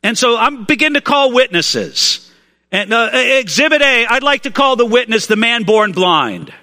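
A man voicing a calm man who lays out his own defense in court, calling witnesses one by one. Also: very high voice, moderate pace, long reverb tail, full character voice. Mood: earnest.

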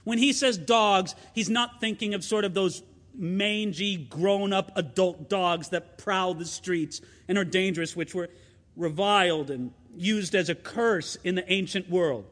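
A man preaching a sermon as pastor, conversational and expressive, asking his listeners rhetorical questions. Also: high-pitched, unhurried, in a large hall.

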